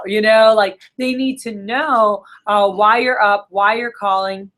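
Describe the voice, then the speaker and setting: A woman coaching her sales team in a room, her voice sitting at an ordinary middle pitch. She talks in a casual, upbeat way, full of fillers and quick asides as she walks her trainees through the steps. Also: fairly bright tone.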